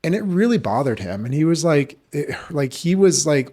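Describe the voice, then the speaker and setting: A man's voice: medium pitch, expressive, quick pace, hardly any pauses, a little mellow. A man, a jiu-jitsu coach and podcast guest, telling stories in a loose, rambling way with lots of fillers and casual swearing. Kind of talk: casual storytelling chat.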